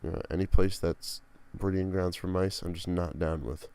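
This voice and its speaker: A young man from Pennsylvania rambles through a solo podcast, cursing freely. His voice sits very low with a gravelly, dark edge. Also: steady tone, moderate pace. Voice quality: profane, rambling, grumbling. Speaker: podcast host. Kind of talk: casual solo podcast monologue.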